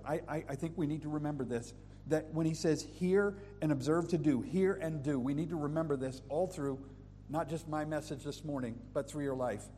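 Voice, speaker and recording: A male pastor preaching a sermon, who moves between loud emphatic scripture reading and soft intimate prayer. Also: fairly high pitch, moderate pace, long reverb tail, soft background music. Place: church sanctuary.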